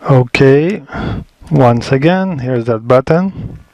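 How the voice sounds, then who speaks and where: A man's voice: medium pitch, lively intonation, slow, a little mellow, no room sound. A man giving a casual step-by-step tutorial, thinking aloud as he works, picked up by a camera microphone in a small indoor workspace. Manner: thinking aloud, frequent restarts and fillers. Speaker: color management instructor. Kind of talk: casual screen-recorded tutorial.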